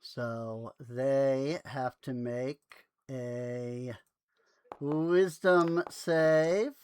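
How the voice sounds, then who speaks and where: An unhurried game master talks through a tabletop session, relaxed and chatty. The voice is dry and close to the mic, with no room sound behind it. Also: medium pitch, clear, resonant tone, no room sound. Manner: relaxed, chatty, laughs easily. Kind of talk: narrating a tabletop game over voice chat.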